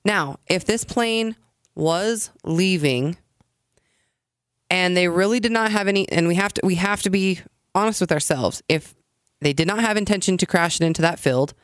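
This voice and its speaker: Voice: medium pitch, no echo, clean studio sound. A podcast co-host thinking a theory through aloud, often checking that the other agrees. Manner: thoughtful, reasoning aloud, seeking agreement. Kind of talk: casual podcast conversation.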